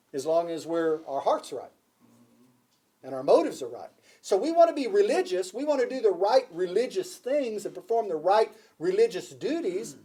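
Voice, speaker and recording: A man's voice: high-pitched, warm tone, husky. A man preaching a sermon to a congregation, emphatic, repeating key phrases and asking the listeners questions. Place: church before a congregation.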